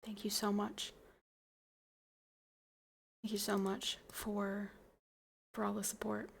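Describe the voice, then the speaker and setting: A tipsy young woman hosting a livestream, chatting in a rambling, playful way that trails into soft mumbles. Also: medium pitch, completely flat delivery, slow, vocal fry, slight background noise. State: tipsy from wine. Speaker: livestream host. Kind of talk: casual chat to stream viewers.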